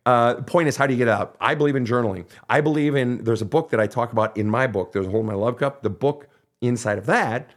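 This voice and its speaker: A man's voice: mid-range voice, fast talker. A man who hosts a counseling podcast, giving blunt, emphatic advice full of swearing. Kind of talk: profane motivational advice.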